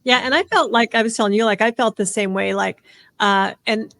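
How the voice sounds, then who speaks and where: Woman, 60s, podcast host, casual chat, rambling filler-heavy talk, mid pitch, dry sound. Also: steady tone, creaky, a bit bright, dry recording. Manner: fast, rambling, full of "like" fillers.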